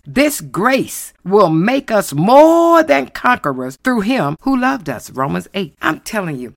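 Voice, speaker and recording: Woman preaching, gravelly voice, pitch swoops up and down a lot, dry sound. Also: dry recording. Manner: emphatic, swooping preacher cadence with exclamations. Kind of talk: sermon.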